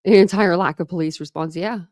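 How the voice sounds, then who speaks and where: A woman's voice: lowish voice, normal speed. A woman hosting a true crime livestream, chatting casually with viewers in a rambling way, full of fillers and restarts, and reading comments from the chat. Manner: reads and answers live chat comments. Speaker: true crime channel host.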